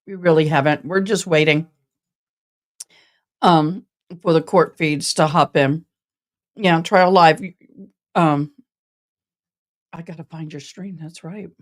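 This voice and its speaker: A woman's voice: sits low, fairly even intonation, takes it slowly, pauses often. A woman hosting a casual live stream about a trial, chatting with viewers in a rambling, passionate, direct way. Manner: self-described passionate and direct.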